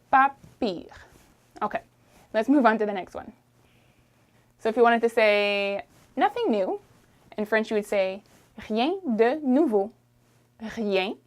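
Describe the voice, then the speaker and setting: A woman teaching a French lesson, repeating phrases slowly and encouraging the learner to try. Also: medium pitch, animated. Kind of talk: friendly language lesson.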